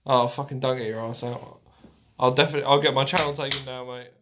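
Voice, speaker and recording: A man's voice: mid-range voice, level tone, background noise. A young Englishman hosting his own channel, swearing and joking in casual chat with a friend. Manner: swearing, joking, quick asides. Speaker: channel host. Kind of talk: casual banter between friends.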